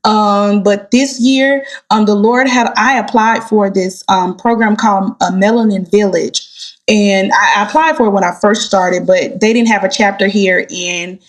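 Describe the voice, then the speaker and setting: A woman, a gospel singer, chatting as a guest and telling heartfelt stories with animated delivery. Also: mid-range voice, normal speed. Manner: animated, heartfelt storyteller, addresses listeners as y'all. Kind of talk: casual interview chat.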